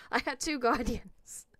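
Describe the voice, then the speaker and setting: A Welsh woman streams a farming game, chatting casually with viewers, playfully talking to in-game items, and giggling often. Her voice is on the high side and fairly bright, and she takes it slowly. The studio sound is clean with no echo.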